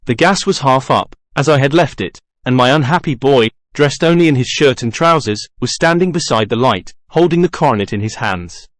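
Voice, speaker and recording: Speaking in first person, a man narrates an audiobook with a measured, mid-pitched voice that erupts now and then into dramatic outbursts. He's animated, captured on a close studio mic, and the sound is dry with no room or echo.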